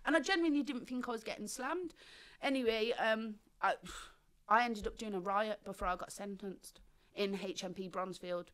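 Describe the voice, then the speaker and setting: A woman appears as a podcast guest, recounting her life story in lively, slang-filled speech and acting out the people she quotes. Her voice is medium-pitched at a normal speed.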